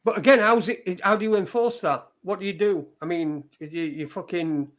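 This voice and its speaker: High-voiced man chatting casually. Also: moderate pace. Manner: casual, profane, questioning. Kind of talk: casual chat. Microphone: video call.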